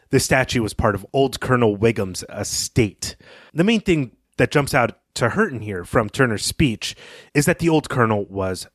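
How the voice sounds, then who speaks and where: A man's voice: medium pitch, no echo, clean studio sound. Laid-back man recapping a story. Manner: conversational, with fillers and occasional laughs. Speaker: podcast co-host recapping a story. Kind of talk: casual book discussion and recap.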